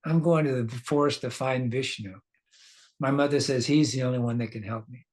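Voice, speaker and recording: A man's voice: medium pitch, fairly even intonation, normal speed, lightly acted. A man voicing an angry, determined five-year-old prince who feels insulted, told as a story in a scripture class. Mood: defiant. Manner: indignant, determined.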